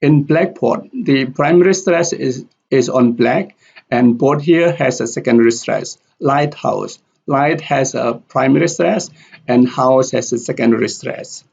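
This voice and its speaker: Slow, gravelly male English teacher. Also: medium pitch, a little mellow, muffled recording. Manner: repeats example words carefully. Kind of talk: slow explanatory lesson with spoken examples.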